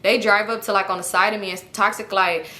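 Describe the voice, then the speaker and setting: A young woman telling a personal story in a casual, animated way, swearing freely and talking straight to her viewers. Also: mid-range voice, a little fast. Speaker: storytime vlogger.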